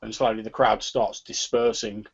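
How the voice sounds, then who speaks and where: A man narrates a tabletop game as its game master, stumbling and repeating words as he goes. His voice is slightly low and husky. The recording sounds dull and lo-fi. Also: flat delivery, moderate pace.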